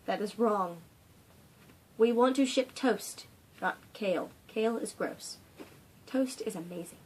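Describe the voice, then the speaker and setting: Slow-talking gushing fangirl. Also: a little high, darkish tone, slightly rough. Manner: gushing fangirl, dramatic asides. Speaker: fandom channel host. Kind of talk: casual Q&A vlog. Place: home room.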